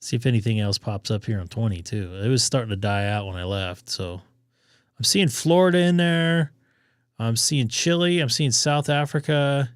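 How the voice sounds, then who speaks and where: A man's voice: mid-range voice, lively intonation, moderate pace, smooth, no echo, clean studio sound. A man losing his voice, chatting casually as he hosts a ham radio live stream and thinks aloud. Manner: rambling, thinking aloud with fillers.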